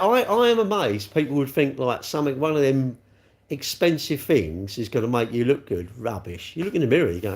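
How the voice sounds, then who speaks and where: A middle-aged car dealer hosting a livestream chats bluntly at a brisk pace, his medium-pitched voice swinging widely in pitch. He reads out comments, mocks himself, and laughs often.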